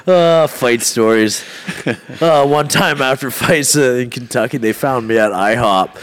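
A man's voice: mid-range voice, a little slow. A man who is a fighter, guesting on a podcast and telling a rowdy, profane story in a casual way, laughing often.

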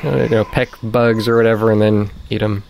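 A man narrating a tabletop game as game master, describing scenes in a calm, matter-of-fact way. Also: fairly low pitch, normal speed, creaky, a little hiss or hum.

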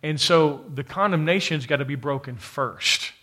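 Emphatic male preacher, somewhat high voice. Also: moderate pace, bright, forceful tone. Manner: emphatic, repetitive, addresses the congregation directly. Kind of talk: sermon. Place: church, to a live congregation with an online audience.

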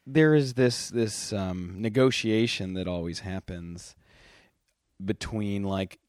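A man hosting a relaxed, casual chat, talking softly and meandering, often trailing off into quiet asides. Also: on the low side, takes it slowly, smooth, dry recording, clean studio sound. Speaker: podcast host. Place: indoors, lying on a couch cushion on the floor.

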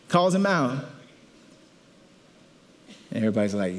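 A male pastor delivering a lively sermon, with a voice sitting a little high for a man. He tells the story with energy, slipping into playful voices for the characters and the crowd. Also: brisk, pauses often. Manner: animated storytelling, acting out crowd voices with laughter.

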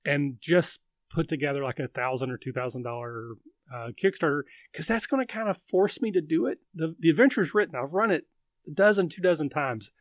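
A man's voice: fairly high pitch, lively intonation, a little fast, dry recording. A man hosting a casual live chat, rambling and thinking aloud with lots of fillers. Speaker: livestream host.

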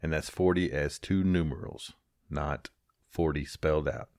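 A man's voice: a bass voice, fairly even intonation, measured pace, a little mellow, no room sound. A man co-hosting a podcast in casual chat, chiming in with short reactions and dry jokes. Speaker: podcast co-host.

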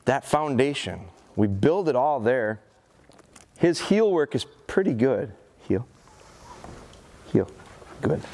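Man coaching a dog, lively voice. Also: medium pitch. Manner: coaxes a dog with short repeated commands and praise; talks plainly to the audience with rhetorical questions. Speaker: dog trainer presenting a seminar. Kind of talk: live training seminar with a dog demonstration. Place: event seminar in front of an audience.

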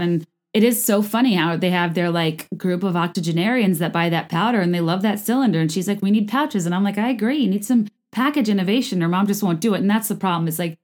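Rambling, chatty woman podcast host. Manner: chatty, rambling, many fillers and restarts; lively jumps in pitch for emphasis. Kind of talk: casual chat about reality TV.

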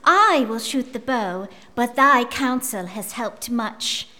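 A woman's voice: a little high, expressive, slow pace, pushed and bright, heavily acted. A woman voicing an earnest girl who plays a gracious king, speaking politely in mock-old English.

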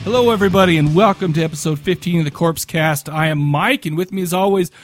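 A man's voice: a little high, soft background music. A man hosting a podcast in casual chat, joking and laughing easily. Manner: joking, laughs often, quick reactions. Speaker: podcast host.

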